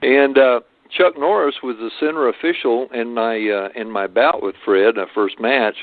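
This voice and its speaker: An older man tells long stories as an interview guest, often pausing and restarting his sentences. His voice sits in a middle register. The sound is thin and boxy, like a telephone line. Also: medium pitch, no echo. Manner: rambling, many hesitations and restarts. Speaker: martial arts guest. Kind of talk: storytelling interview. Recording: phone-like lo-fi line.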